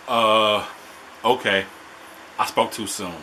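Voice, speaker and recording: A man in a casual vlog, recapping a wrestling show in animated, slangy talk. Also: fairly high pitch, moderate pace, a little hiss or hum.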